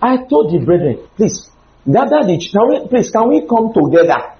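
A man preaching a humorous, animated sermon with sudden loud outbursts. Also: high-pitched, normal speed, reverberant, highs cut off.

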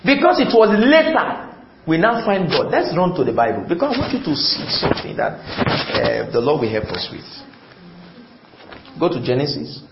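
A man preaches with a high, animated voice that leaps up and down, repeating phrases for emphasis and quizzing his congregation. He sounds like he is in a church hall with an echoey, somewhat muffled recording and faint room noise behind him. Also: normal speed, gravelly. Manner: call-and-response, asks the congregation questions. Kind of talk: sermon.

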